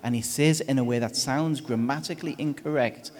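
Chuckling, animated male preacher. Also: medium pitch, fairly quick. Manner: chatty and animated, often chuckling. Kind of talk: conversational sermon on a scripture reading.

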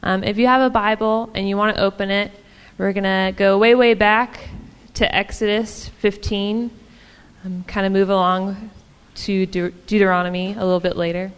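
A woman's voice: medium pitch, fairly even intonation, normal speed, clean tone, in a large hall. A woman giving a casual, chatty sermon in a church, with frequent ums and small laughs. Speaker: church speaker.

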